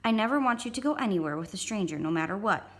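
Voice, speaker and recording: A woman's voice: mid-range voice, lively intonation, fast, a bit bright, lightly acted. A woman voicing a mother firmly warning her young son in a read-aloud story. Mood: earnest. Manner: earnest, instructive. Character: firm, caring mother.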